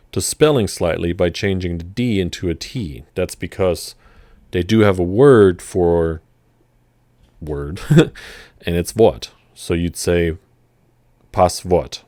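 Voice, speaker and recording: A man giving a relaxed, chatty language lesson, with fillers and restarts. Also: deep voice, no room sound. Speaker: language teacher. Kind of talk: casual vocabulary lesson.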